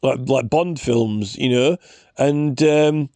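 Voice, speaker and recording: A man's voice: mid-range voice, slow, warm tone, no echo. A man in a rambling, scornful ranting commentary, full of fillers and restarts. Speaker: vlogger.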